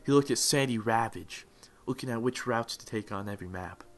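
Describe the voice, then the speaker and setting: A young man giving mock-dramatic motivational narration for a gaming video, swelling into loud, fervent peaks. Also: medium pitch, fairly quick. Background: faint music.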